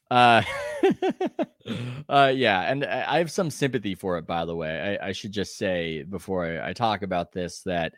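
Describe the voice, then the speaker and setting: A man, a sports reporter guest on a podcast, telling stories in a chatty way with quick asides and restarts. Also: on the low side, dry recording, studio quality. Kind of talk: conversational podcast interview, storytelling.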